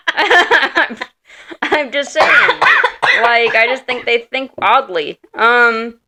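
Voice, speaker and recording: Bright-voiced woman podcast co-host. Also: on the high side, extremely slow, slight background noise. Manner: animated, playful, laughs a lot. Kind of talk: casual chat.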